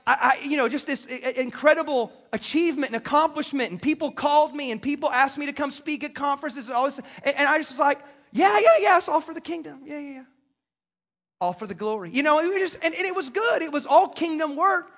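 A man preaching a sermon as pastor, emphatic and full of quick restarts, in a church. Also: very high-pitched, fairly even intonation, a bit bright. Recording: long reverb of a large hall.

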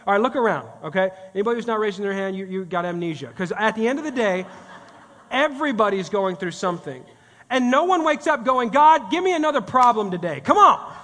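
A man giving a conversational sermon as a guest pastor, animated and talking directly to the congregation. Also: high voice, fast. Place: church sanctuary. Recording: long reverb of a church hall.

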